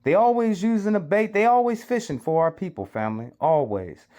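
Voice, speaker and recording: Man from the US, high voice, urgent sermon-like commentary, hammers the same point over and over. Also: very animated, a little fast, dark tone. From United States. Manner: urgent, lecturing, repeats himself. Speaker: commentator reacting to a clip. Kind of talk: preachy social commentary.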